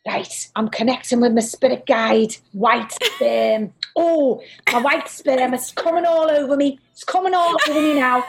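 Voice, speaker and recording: A man's voice: very high-pitched, a little slow, vocal fry, full character voice. A woman voicing a crude male psychic medium from Liverpool, with a Liverpool accent and a brash, bawdy manner. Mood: lewd, brash.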